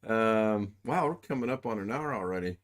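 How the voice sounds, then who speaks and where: A man's voice: lowish voice, expressive, moderate pace. A man hosting a casual livestream chat, folksy and joking, using homey phrases. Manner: folksy, joking, says "doggone". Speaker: livestream host. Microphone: desk USB microphone.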